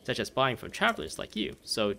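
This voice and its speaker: A man's voice: mid-range voice, very animated, fairly quick, vocal fry, bright, forceful tone, a little hiss or hum, full character voice. A man voicing a friendly male traveling merchant at a campfire, reading the game dialogue aloud in a neighborly, chatty way.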